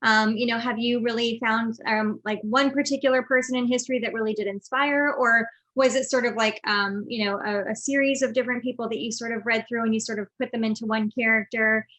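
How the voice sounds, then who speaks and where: A woman's voice: on the high side, steady tone, fairly quick, few pauses, fairly bright tone. A woman interviewer asking rambling, friendly questions with many fillers. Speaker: interviewer host. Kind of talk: conversational interview.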